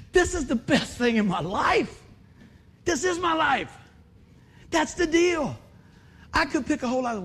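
A man giving an informal, folksy sermon, lively and excitable, talking straight to the congregation. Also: high-pitched, a little hiss or hum. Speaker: lay preacher.

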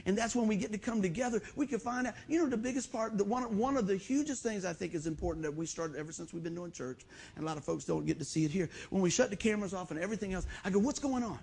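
A middle-aged man preaching a sermon as pastor, in a folksy, animated storytelling way. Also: high voice, fast, vocal fry, hardly any pauses, husky.

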